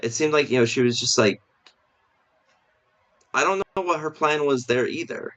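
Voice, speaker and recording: A man's voice: mid-range voice, moderate pace, fairly bright tone. A man co-hosting a casual film review podcast, talking hesitantly with many restarts and fillers. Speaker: podcast co-host. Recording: dull lo-fi stream audio.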